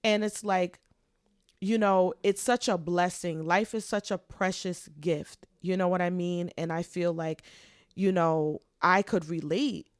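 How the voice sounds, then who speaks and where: A woman co-hosting a podcast in heartfelt, casual chat, talking expressively and getting loud when she preaches. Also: fairly low pitch, unhurried, clean tone, no echo, studio quality. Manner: expressive, preachy, animated swings in loudness. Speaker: podcast co-host.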